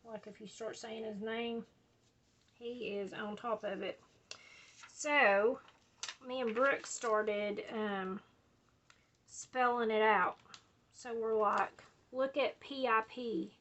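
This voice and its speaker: Chatty woman crafting host, slow and rambling, bright tone, slightly higher pitch. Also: fairly even intonation, slight background noise. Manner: chatty, drawling, says y'all and like a lot. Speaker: scrapbooking video host. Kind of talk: rambling casual chat while crafting.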